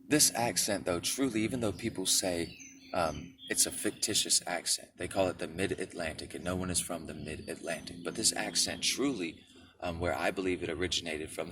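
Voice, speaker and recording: A low-voiced man from Michigan, United States, makes spiritual videos and gives a casual talk to camera, often checking in with "right?" and "okay?". The mic is distant and the background is noisy.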